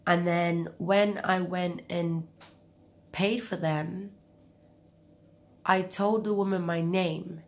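Young woman with a cold, slightly low voice, rambling storyteller. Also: steady tone, slow pace, long pauses, a little mellow. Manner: chatty, rambling with asides. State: has a cold, coughing. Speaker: vlogger. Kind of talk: casual storytelling.

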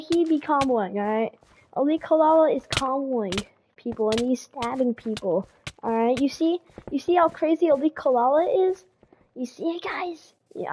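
A woman live-streaming a game, chatting excitedly with viewers, rambling and often stammering and repeating words. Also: high-pitched, a little hiss or hum. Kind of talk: casual live-stream chat.

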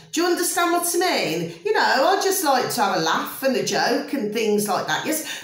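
A woman's voice: on the high side, very animated, moderate pace, hardly any pauses. Exasperated woman vlogging, echoey room. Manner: rambling, repetitive, keeps checking listeners follow; affectionate asides, exasperated. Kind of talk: casual ranting monologue.

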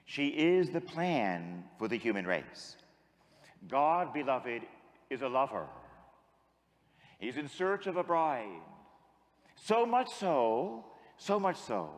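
A priest giving a sermon as an animated storyteller who acts out the dialogue. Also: male voice, medium pitch, in a large hall.

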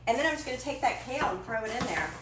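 Woman cooking-show host, bright and chatty, self-deprecating, slightly high voice, echoey kitchen. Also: animated, racing, a little hiss or hum. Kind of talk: live cooking stream chat. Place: home kitchen. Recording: echoey kitchen with faint clatter.

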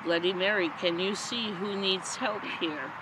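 A woman with a medium-pitched voice speaks at a measured pace. She nervously asks spirits short questions for her paranormal vlog in a forest at night, and passing traffic can be heard outdoors.

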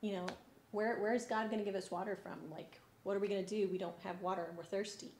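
A woman's voice: medium pitch, steady tone, quick pace, a little mellow, a little hiss or hum, natural voice. A woman voicing a grumbling crowd of thirsty desert wanderers who complain in whiny questions, heard in an echoey church room.

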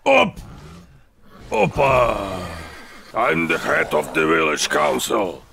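Village head, male, very high, crackly, bright, shouting, overfriendly. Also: very animated, slow, creaky, heavily acted. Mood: boisterous. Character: loud jolly male village head, hugging everyone.

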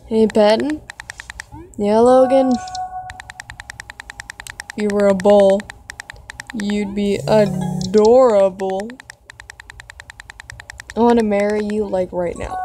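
A woman reading text messages aloud for a reaction video, breaking into dramatic, expressive outbursts. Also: mid-range voice, slow pace, long pauses, soft background music, low-quality recording.

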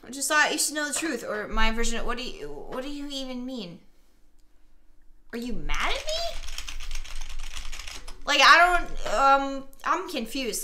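A young woman playing a chat game, reading messages aloud and swearing as she gets loud and exasperated. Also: on the high side, sing-song, normal speed, long pauses, a little hiss or hum. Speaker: gaming streamer. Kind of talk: let's play commentary, reading chat aloud.

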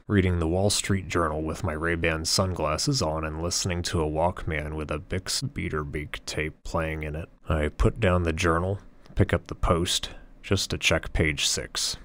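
A man narrating an audiobook in the first person, in a measured, cool, detached tone. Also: very deep voice, a bit bright.

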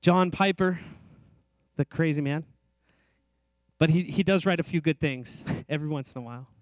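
A man's voice: fairly high pitch, normal speed, no echo. A middle-aged man preaching a sermon in a church, earnest and conversational with light self-deprecating asides. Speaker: pastor. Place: church sanctuary.

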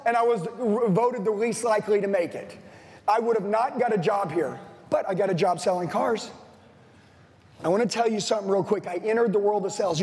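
Intense high-voiced male sales trainer. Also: a little mellow, big-room sound. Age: 40s. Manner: intense, blunt, swearing, punchy repeated lines. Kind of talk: motivational speech to a live audience.

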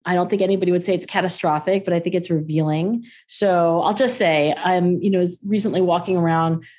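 A middle-aged woman speaks as a podcast guest in a loose, animated way, laughing easily and acting out the voices of people she quotes. Her voice sits fairly low for a woman. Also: a little fast. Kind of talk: casual interview conversation.

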